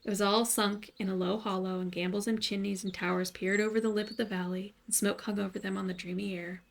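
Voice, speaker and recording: Soft, gravelly bedtime storyteller woman. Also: mid-range voice, little pitch movement, fast. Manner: soft, soothing delivery. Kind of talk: gentle bedtime story narration.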